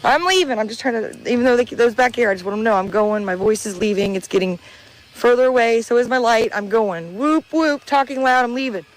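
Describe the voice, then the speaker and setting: A woman filming herself outdoors in dark woods at night on a handheld camera, talking to viewers in a frightened, pleading, panicky way and swearing. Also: fairly high pitch, quick pace, slight background noise. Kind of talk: frightened live commentary to viewers.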